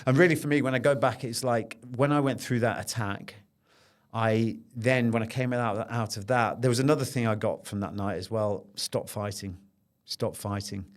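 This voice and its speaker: A man's voice: mid-range voice, moderate pace. A middle-aged man speaking as a podcast guest, telling a personal story in an earnest, intense way and repeating phrases as he relives it.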